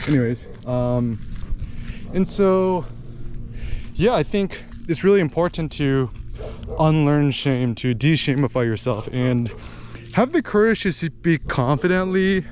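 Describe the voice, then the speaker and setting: An American man talking in a rambling, animated way as he vlogs outdoors in a village, with lots of fillers. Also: fairly high pitch, a little slow, a little hiss or hum. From United States. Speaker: vlogger. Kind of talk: casual walking vlog monologue.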